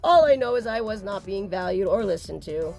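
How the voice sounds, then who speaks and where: A woman's voice: mid-range voice, animated, fairly quick, vocal fry, a little mellow, soft background music. A woman talking to camera as a mother speaking out, upset, insistent and blunt, with occasional swearing. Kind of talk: emotional personal vlog.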